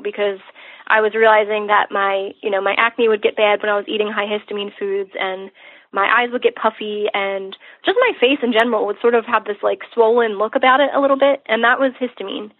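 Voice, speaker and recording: A woman guest in a casual conversation, talking chattily with many fillers and a husky voice. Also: mid-range voice, fairly even intonation, a little fast, dry recording. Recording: tinny phone line, dry.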